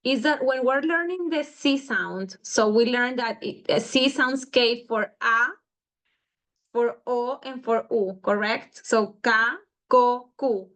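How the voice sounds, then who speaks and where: Slow, patient teacher woman. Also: a little high, fairly bright tone. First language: Spanish. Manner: patient, repeats syllables, corrects herself. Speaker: Spanish teacher. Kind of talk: slow syllable-drill lesson.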